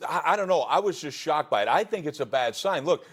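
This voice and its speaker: A man's voice: on the high side, lively intonation, fairly quick, breathy edge. A man working as a TV sports analyst, giving blunt, emphatic opinions in a studio sports debate.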